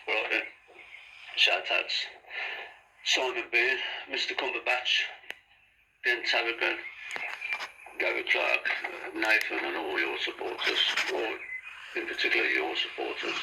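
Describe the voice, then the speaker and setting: A man giving blunt shout-outs and complaints in a casual, profane monologue. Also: fairly low pitch, expressive, slow pace, long pauses, noisy background. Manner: blunt, swears freely. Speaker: vlogger.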